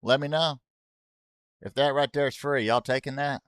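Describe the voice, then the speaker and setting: A man's voice: mid-range voice, fairly even intonation, moderate pace, pauses often, fairly bright tone, clear, resonant tone, dry recording, studio quality. Rambling joking male game streamer. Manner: rambling, easily sidetracked, joking; talks to chat with y'all asides. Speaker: gaming streamer. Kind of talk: casual live-stream chatter.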